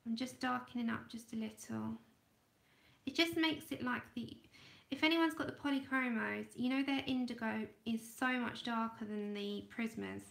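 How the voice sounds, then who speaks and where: A woman hosting an art livestream, chatting casually and thinking aloud as she draws, sometimes trailing off into quiet murmurs. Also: on the high side, normal speed, vocal fry, roomy sound. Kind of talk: casual livestream chat while drawing.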